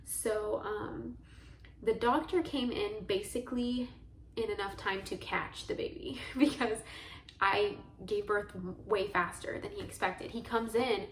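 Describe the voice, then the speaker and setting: A woman's voice: medium pitch, fairly even intonation, unhurried, echoey room, a little hiss or hum, rough recording. A young woman telling a personal story to camera in a chatty, earnest way, often saying "like". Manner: chatty, heavy use of "like", earnest and emotional. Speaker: vlogger.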